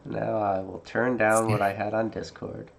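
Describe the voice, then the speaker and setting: A man's voice: on the low side, flat delivery, moderate pace, vocal fry. A man hosting a live podcast, joking about his own setup in a self-mocking way. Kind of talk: casual chat on a live podcast.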